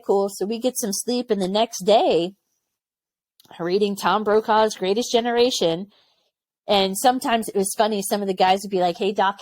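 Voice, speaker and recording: A woman's voice: medium pitch, no echo. A woman in her forties, a former Army medic, telling stories candidly in a casual interview and acting out what others said. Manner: candid, lively storytelling with quoted voices and laughter. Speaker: podcast guest, former Army aviation medic.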